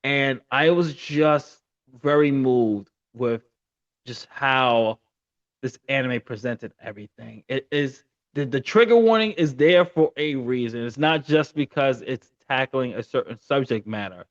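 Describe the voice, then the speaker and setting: A man's voice: medium pitch, a little slow, dry recording. Earnest man, dull lo-fi recording. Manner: earnest, stumbling, repeating words. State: a little choked up. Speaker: anime reviewer and channel host. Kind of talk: casual video review.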